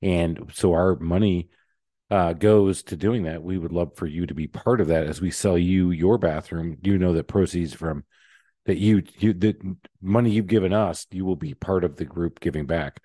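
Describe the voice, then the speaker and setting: A man's voice: deep voice, moderate pace, mellow, no room sound, clean studio sound. A man hosting a podcast, chatting in a rambling, joking way. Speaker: podcast host. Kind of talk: casual interview chat.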